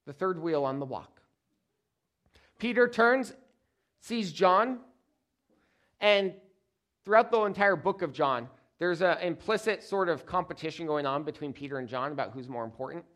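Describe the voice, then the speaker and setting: Male pastor preaching, kinda high voice, punchy pauses, gets loud then drops way down quiet. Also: expressive. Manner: emphatic preaching with dramatic pauses and repeated phrases; wide swings between loud stresses and quiet, low endings. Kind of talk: sermon.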